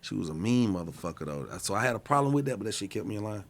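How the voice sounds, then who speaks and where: A man's voice: on the low side, animated, racing. A man talking as a podcast guest in casual chat, laid-back and profane, often stammering through restarts.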